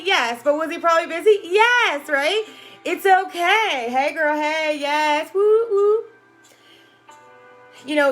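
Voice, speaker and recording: On a casual motivational livestream, a woman life coach speaks in a high-pitched, somewhat bright voice. She's emphatic and tends to ramble, greeting viewers by name and constantly tossing in "right?" and "you know."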